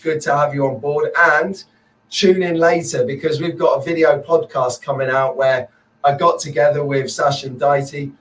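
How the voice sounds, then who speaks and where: A man's voice: medium pitch, recorded from a distance, a little hiss or hum, poor audio. A man hosting a casual live stream chat, upbeat and rambling, greeting viewers by name. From Merseyside, England.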